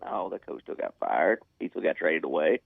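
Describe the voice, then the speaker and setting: A man co-hosting a sports radio show with laid-back, quick quips, heard over a phone line. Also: a bass voice, sing-song, creaky, husky, dry recording. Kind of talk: casual sports talk chat. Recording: thin phone-line sound.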